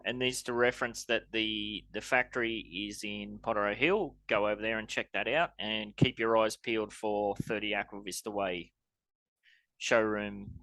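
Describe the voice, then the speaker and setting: A man's voice: fairly low pitch, fairly even intonation, moderate pace, bright, forceful tone, no echo, low-quality recording. Casual Australian man, dry close sound. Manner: rambling, restarts, swears casually. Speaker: co-host. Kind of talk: casual planning chat.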